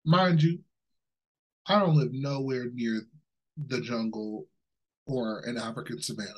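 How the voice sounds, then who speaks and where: A podcast co-host from Ohio speaks unhurriedly at medium pitch, and the audio sounds dull. He rants through the casual chat with plenty of laughter and free swearing, staying animated throughout.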